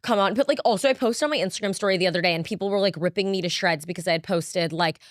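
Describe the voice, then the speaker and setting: A woman's voice: lowish voice, rapid-fire, no echo, clean studio sound. A young woman co-hosting a podcast in casual chat, rambling with lots of "like" fillers and casual swearing. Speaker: podcast co-host.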